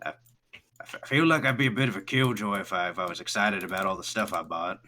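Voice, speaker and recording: A man's voice: low-pitched, fast, very noisy, natural voice. A man voicing an awkward, sheepish male adventurer who stammers out his words in a tabletop game.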